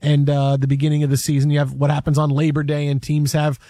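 A man hosting a casual sports chat, animated and rambling with restarts. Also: on the high side, fast, no echo, studio quality. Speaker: sports podcast host.

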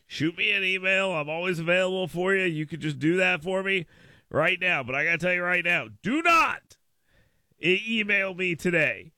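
Animated, bright-voiced male radio host. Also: a little fast, no echo. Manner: animated storytelling, jumps up in pitch and volume for emphasis. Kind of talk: casual talk radio monologue. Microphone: studio microphone.

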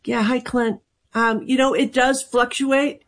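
A woman's voice: fairly high pitch, fairly even intonation, measured pace. A woman working as a medium, a guest on a call-in radio show, speaking thoughtfully and hesitantly with many fillers and restarts.

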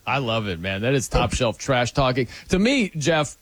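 A man's voice: medium pitch, big pitch swings, normal speed, fairly bright tone, slightly rough. A man hosting a sports talk radio show, bantering energetically with his co-hosts.

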